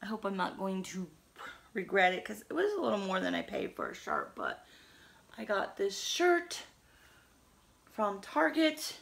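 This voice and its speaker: A middle-aged woman chatting casually through a shopping haul, a little hoarse and rambling with fillers. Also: mid-range voice, huge pitch swings, a little slow, long pauses. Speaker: vlogger.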